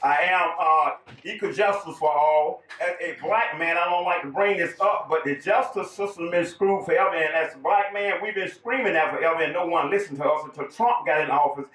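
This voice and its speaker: A man's voice: on the high side, a little fast, few pauses, a bit bright. A man with a Southern US accent, raised in the South and born in New York, giving a bold, folksy campaign speech with jokes. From raised in the American South, born in New York. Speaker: political candidate giving a speech. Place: public event hall. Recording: echoey room, voice from far off.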